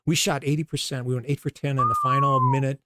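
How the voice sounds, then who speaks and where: A man's voice: fairly high pitch, fast, heavy background noise. A middle-aged man, a basketball coach as guest, telling stories and acting out quoted dialogue. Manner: animated storyteller, acts out quoted dialogue. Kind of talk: storytelling interview talk.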